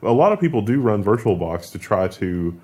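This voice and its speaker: A man's voice: on the low side, big pitch swings, moderate pace, warm tone. A man co-hosting a casual tech news show, explaining security stories in a joking, rambling way. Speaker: show co-host, business owner.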